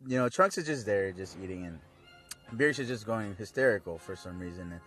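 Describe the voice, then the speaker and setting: A man's voice: lowish voice, animated, brisk, faint music behind. A young man casually recapping a cartoon episode, rambling and laid-back, full of fillers. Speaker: fan video reviewer.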